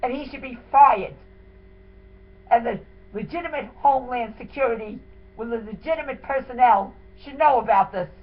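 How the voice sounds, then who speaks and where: A woman's voice: a little high, normal speed. A woman giving an emotional, indignant first-person account of what happened to her and her husband. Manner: indignant, dramatic retelling. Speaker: wife telling her story. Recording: tinny phone-like sound with faint hiss.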